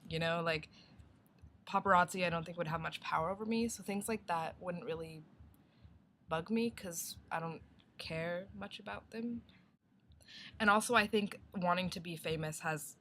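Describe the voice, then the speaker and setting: A woman's voice: on the low side, moderate pace, a bit bright, slight background noise. A young woman vlogging a casual video response, rambling and thinking aloud with many "like"s.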